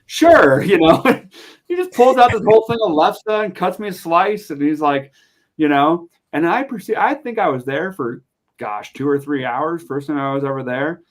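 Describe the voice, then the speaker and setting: A young adult man from Montana, a podcast guest telling a story in a casual, animated way, full of fillers. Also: fairly high pitch, normal speed. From Montana, USA. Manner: animated, chatty, lots of fillers.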